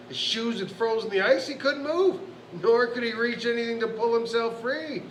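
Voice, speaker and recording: A man's voice: extremely high pitch, normal speed, reverberant, a little hiss or hum, low-quality recording. A man casually telling a bedtime story to kids, rambling with restarts and asides.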